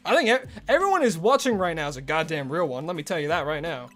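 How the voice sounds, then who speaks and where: A male streamer chatting casually on a live stream, rambling and loose, full of "like" and restarts, with soft game music behind him. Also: on the high side, very animated, fast, few pauses.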